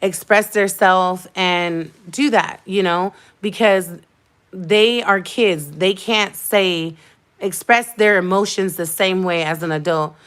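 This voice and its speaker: A woman's voice: on the low side, slow pace, a bit bright, smooth. A young woman talks straight to her viewers in a casual livestream chat. She recounts what happened with heated emphasis. She circles back and repeats her points to drive them home. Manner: heated, emphatic storytelling with repetition. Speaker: vlogger.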